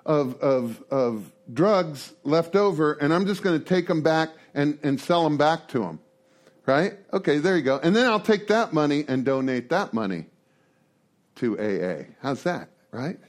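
A man's voice: fairly high pitch, expressive, unhurried. A middle-aged man speaking at a recovery meeting, storytelling in a rambling, conversational way with humorous asides. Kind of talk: storytelling talk to a group.

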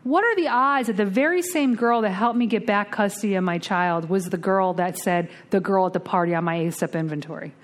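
A woman speaking at a twelve-step recovery meeting, telling a blunt, salty story with lively storytelling and acting out the other voices. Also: medium pitch, brisk, few pauses. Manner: lively storytelling, acts out the voices in her tale; blunt and salty, casual swearing.

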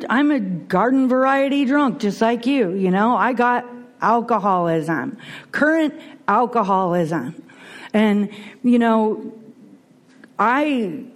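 A middle-aged woman speaking earnestly and animatedly as a speaker at a recovery meeting, with many restarts. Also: medium pitch. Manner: earnest, animated, frequent restarts and you-knows. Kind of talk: personal testimony talk.

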